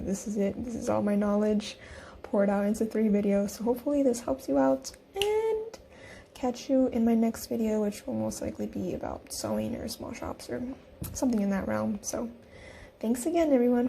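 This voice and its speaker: A woman's voice: fairly high pitch, creaky, warm tone, a little hiss or hum. A young woman casually narrating a design tutorial, chatty and giggly as she talks through each click. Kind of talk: casual screen-recorded tutorial.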